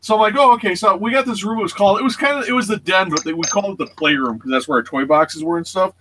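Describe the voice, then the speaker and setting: Male host in his forties, casual storyteller who acts out voices and sounds; bright, forceful tone. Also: high voice, rapid-fire. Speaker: show host. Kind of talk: casual chat.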